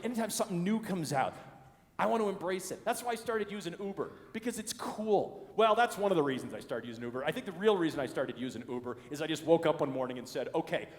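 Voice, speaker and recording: A middle-aged male comedian from the Chicago area performs stand-up on a conference stage, animated and slipping into the voices of people in his stories. His voice sits a little high, and it rings with the long reverb of a large hall. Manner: animated, acts out quoted voices.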